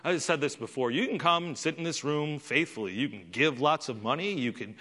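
A man's voice: on the high side, fairly quick, pushed and bright. A man preaching a sermon as pastor in a church sanctuary, emphatic and full of rhetorical questions. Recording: long reverb in a large hall.

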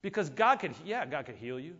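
A male pastor preaching a sermon, moving between hushed quiet asides and loud, emphatic passages. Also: fairly high pitch, big pitch swings, a little fast. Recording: dull sound with long hall reverb.

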